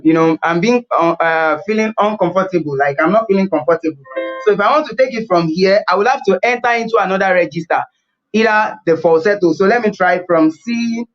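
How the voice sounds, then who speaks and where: A man's voice: high-pitched, a little fast, muffled recording. A man teaching a singing webinar, repeating key points and explaining things as he plays the piano. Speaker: vocal coach.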